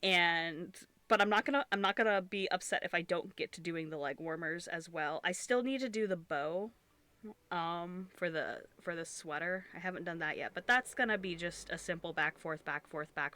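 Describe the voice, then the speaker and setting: A woman's voice: lowish voice, bright, forceful tone. A young woman streamer, congested and sniffling, chatting casually and rambling while she crochets, swearing freely and restarting her sentences.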